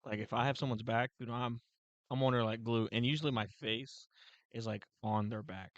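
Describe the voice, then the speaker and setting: A man's voice: medium pitch, fairly even intonation, normal speed, no room sound, muffled recording. A man co-hosting a podcast in a laid-back, casual chat, throwing in slangy asides. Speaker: podcast co-host.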